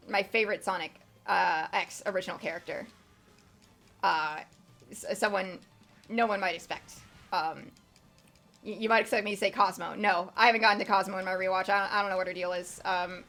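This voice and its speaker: A young woman talks through a video game on stream in a medium-pitched, gravelly, slightly bright voice. She rambles casually, dropping in many fillers and some casual swearing.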